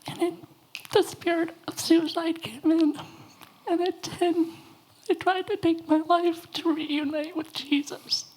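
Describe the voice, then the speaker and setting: A woman asking a teacher a question, tearful and breathy as she shares something personal. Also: very high-pitched, steady tone, slow, darkish tone, poor audio. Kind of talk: emotional personal sharing.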